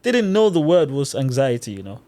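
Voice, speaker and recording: A man's voice: mid-range voice, fairly quick. A young man from Nigeria, a guest in a casual podcast chat, telling stories with energy and acting out the voices of other people. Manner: animated storyteller, acts out quotes.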